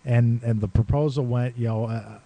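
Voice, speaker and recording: A man's voice: medium pitch, steady tone, moderate pace, gravelly, dark tone, dry recording. A man co-hosting a podcast, telling a long casual story with swearing and quoted lines. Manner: rambling, swears and laughs, acts out quotes. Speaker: podcast co-host.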